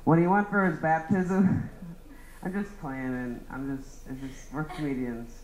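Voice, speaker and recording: A man's voice: on the high side, animated, measured pace, darkish tone, reverberant, low-quality recording. A young man doing a rambling stand-up roast of his friends, laughing at his own jokes. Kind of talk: open-mic roast set.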